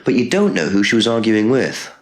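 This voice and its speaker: An actor playing a game investigator, asking probing questions, heard from the game audio. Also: male voice, on the low side, very animated, a little fast.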